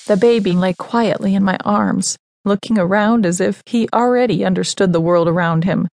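A woman's voice: mid-range voice, moderate pace, gravelly, a little mellow, dry recording. A woman reading a first-person novel aloud as an audiobook narrator, in an earnest, emotive storytelling voice.

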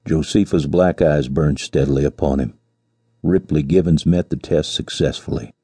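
A man reads a classic tale aloud in a measured, storytelling cadence. His voice is low, dark and slightly husky, and it sits dry and close to the microphone. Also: no echo. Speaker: audiobook narrator. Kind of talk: scripted narration.

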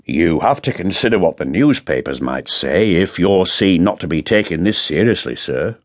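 A man's voice: low voice, animated, moderate pace. A man voicing a blunt, sardonic middle-aged police chief inspector, in an audiobook. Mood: dry.

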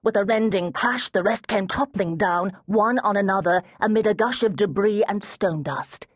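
A woman narrating an unabridged fantasy audiobook in a measured, steady way. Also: medium pitch, dry recording. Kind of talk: scripted narration.

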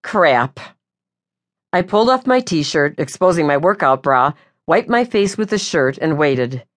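A woman narrating a first-person audiobook in a wry, lively way. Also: low-pitched, a little slow.

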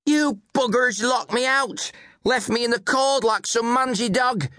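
A man voicing a drunk, furious middle-aged mother who yells and curses in a shrill, slurred voice, in an audiobook. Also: unhurried, dry recording, studio quality, full character voice.

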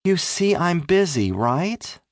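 A man's voice: on the high side, big pitch swings, slow pace, no room sound, clean studio sound, voice pushed up. A man voicing a busy, impatient mother who answers curtly. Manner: curt, exasperated.

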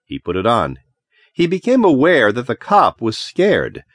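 A man narrating an audiobook in an expressive, dramatic storytelling manner. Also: medium pitch, measured pace, dry recording, clean studio sound. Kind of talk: scripted narration.

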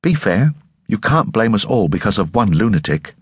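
A man's voice: on the low side, sing-song, normal speed, slightly rough, no echo, clean studio sound, pitched above the performer's own voice. A man voicing a stubborn, proud young woman who talks in an insistent, self-assured way.

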